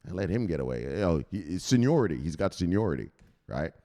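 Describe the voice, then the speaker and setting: A man hosting a crypto news livestream, chatting with viewers in a loud, profane, excitable way. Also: low-pitched, quick pace. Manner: profane, excitable, shouting "bang!" often.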